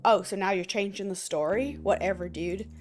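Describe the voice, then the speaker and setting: A woman's voice: medium pitch, moderate pace, natural voice. A woman voicing a pushy, petulant young rabbit in a game, with a put-on Southern accent. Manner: pushy, whiny.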